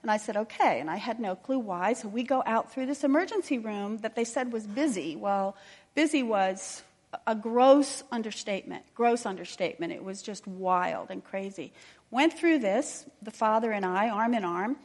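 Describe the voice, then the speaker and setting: A woman preaching a sermon, telling a personal story in an earnest, quiet and intimate way. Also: mid-range voice, lively intonation, normal speed. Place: church. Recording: long church reverb.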